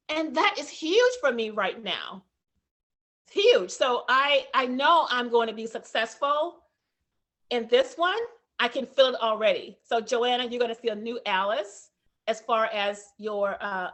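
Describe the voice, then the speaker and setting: A woman's voice: a little high, fairly bright tone. A woman consultant earnestly sharing how a program is helping her on a team call. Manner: earnest, reflective. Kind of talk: call testimonial.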